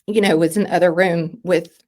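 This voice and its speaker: Halting woman with a low-ish voice. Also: fairly even intonation, a little mellow. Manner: halting, with restarts and trailing-off phrases. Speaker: podcast guest. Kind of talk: emotional personal interview.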